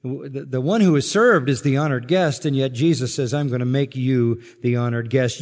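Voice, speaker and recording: Male pastor, sermon, emphatic expository preaching, medium pitch, long hall reverb. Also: normal speed, hardly any pauses, a little mellow. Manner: expository preaching, rising in emphasis on scripture quotes.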